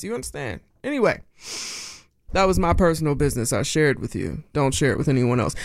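A woman's voice: lowish voice, no room sound, clean studio sound. Playful chatty radio DJ woman. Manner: chatty, playful, jokey asides. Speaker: radio DJ host. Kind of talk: radio DJ patter. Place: radio studio. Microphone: studio microphone.

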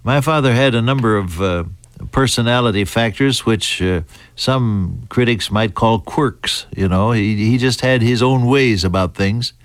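American male Bible teacher, mid-pitched, deliberate delivery with restarts, dry close sound. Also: no echo. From United States. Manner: deliberate, halting, with fillers and restarts. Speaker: preacher.

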